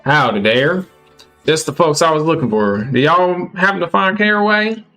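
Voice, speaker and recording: A man's voice: on the high side, lively intonation, normal speed, sharp tone, faint music behind, voice pushed up. A man doing a folksy old country pa with a Southern drawl. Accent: put-on Southern US drawl. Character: stubborn old country father, folksy and hospitable.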